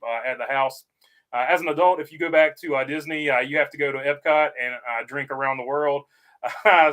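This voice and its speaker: A man's voice: on the high side, fairly bright tone. Easygoing man hosting a livestream. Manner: frequent "uh" fillers, easygoing. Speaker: livestream host reading chat. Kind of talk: casual livestream chat.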